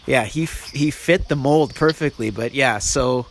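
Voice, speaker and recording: A man's voice: mid-range voice, unhurried, vocal fry. A man hosting a podcast, telling a funny story in casual chat with many restarts and laughs. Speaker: podcast host.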